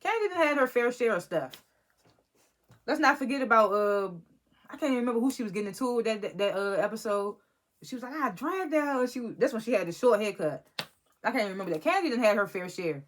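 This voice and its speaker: In a slightly high, expressive voice at a quick pace, a woman rambles casually through a review of a reality TV episode. She's a recap vlogger who sounds exasperated and keeps restarting her sentences.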